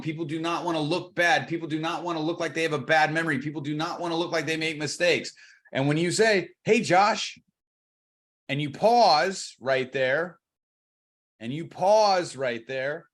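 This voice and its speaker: A man coaching on cold calling, energetic and acting out both sides of the calls. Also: a little high. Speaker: real estate coach.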